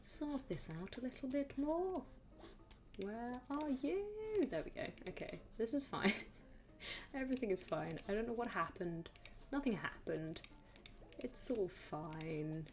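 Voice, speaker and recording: A woman's voice: mid-range voice, very animated, a little slow, darkish tone. A woman gives casual commentary while playing a game on stream, muttering and chatting to herself. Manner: chatty, mutters to the game, playful sing-song asides.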